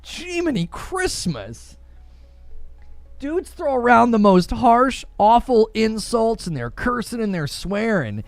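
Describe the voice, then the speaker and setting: On his gaming stream, a young host sarcastically reads out and ridicules viewer comments, often breaking into laughter. He has a very high, animated voice and speaks unhurriedly with hardly any pauses; there is no echo, though faint music plays behind him.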